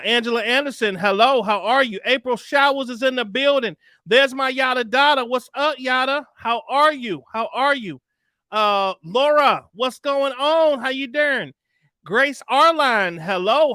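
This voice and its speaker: Man, very high voice, bright tone, livestream host, laid-back slangy chat. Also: no room sound, studio quality. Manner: laid-back, chatty, slangy shout-outs. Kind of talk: casual live-stream chat, greeting viewers.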